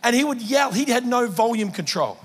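A man preaching a sermon in a church, telling stories that build to shouted exhortation. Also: very high voice, lively intonation, brisk, breathy edge. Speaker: pastor. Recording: long hall reverb in a church.

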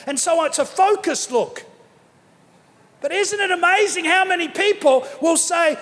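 Very high-voiced preaching man. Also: a little slow, a bit bright. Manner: emphatic, repeats key phrases, acts out quoted people. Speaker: pastor. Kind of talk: sermon. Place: church auditorium. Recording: long reverb from a large hall.

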